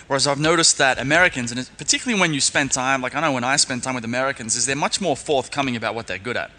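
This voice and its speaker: Aussie guy running a podcast interview, talks quick, chatty, bright tone. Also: mid-range voice. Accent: Australian. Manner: quick, chatty, self-aware about his careful podcast diction. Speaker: podcast host. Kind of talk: casual interview chat.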